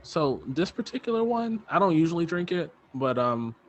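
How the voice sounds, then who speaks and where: Pitched on the high side and very animated, this man talks at a moderate pace, with a little hiss or hum in the recording. He co-hosts a podcast outdoors on a back patio at night, a young adult to middle-aged father chatting casually and rambling with lots of fillers.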